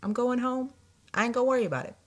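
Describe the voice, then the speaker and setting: A young woman vlogger telling a casual, animated story about her day, quoting people and sounding exasperated. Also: fairly high pitch, very fast.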